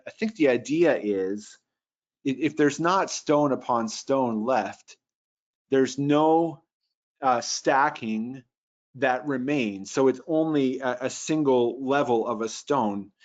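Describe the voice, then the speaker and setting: A man teaching Bible translation in a casual lecture, thinking aloud with frequent restarts and reading phrases out slowly. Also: mid-range voice, muffled recording. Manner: thoughtful, restarts often, reads phrases slowly.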